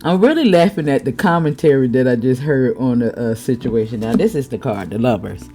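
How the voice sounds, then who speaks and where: A woman giving a casual tarot reading, chatty, with laughing asides and drawn-out exclamations. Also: very deep voice, warm tone, soft background music. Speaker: tarot reader.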